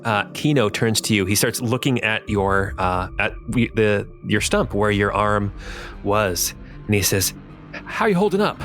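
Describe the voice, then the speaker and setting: A man's voice: fairly low pitch, fairly even intonation, unhurried, a bit bright, faint music behind. A man hosting and game-mastering a tabletop fantasy game, narrating scenes with frequent fillers. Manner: fillers and restarts, descriptive narration.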